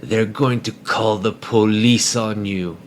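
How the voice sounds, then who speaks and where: A man's voice: lowish voice, steady tone, slow, a little hiss or hum. A man voicing his angry father who scolds in blunt, broken phrases. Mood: angry scolding.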